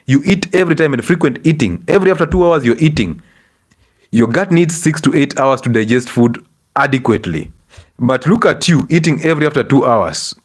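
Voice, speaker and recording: A man's voice: medium pitch, breathy edge. Kenyan man lecturing on health, scolding. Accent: Kenyan English. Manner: scolding, rhetorical questions, animated. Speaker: doctor giving a health talk. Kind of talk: lively health lecture to an audience.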